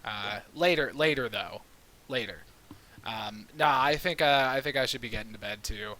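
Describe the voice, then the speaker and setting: A man's voice: mid-range voice, moderate pace, pushed and bright. A man playing a mumbling drunk adventurer. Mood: sheepish. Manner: mumbling, trailing off.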